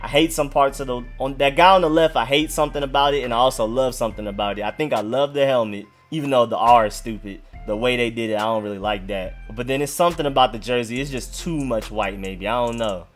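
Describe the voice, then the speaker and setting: Male vlogger, casual slangy talk, rambling and unsure, mid-pitched, faint music behind. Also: fast talker, hardly any pauses. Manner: rambling, thinking aloud, many hedges and restarts. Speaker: sports fan video host. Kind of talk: casual commentary.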